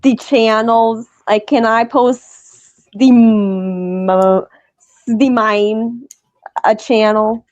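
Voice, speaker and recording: A woman with a fairly high voice talks slowly and haltingly, stopping and restarting her sentences as she joins a casual chat. Her audio comes through dry and dull, like a lo-fi call line. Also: fairly even intonation, a little mellow, no echo. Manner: hesitant, halting, many restarts. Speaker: caller joining a livestream panel.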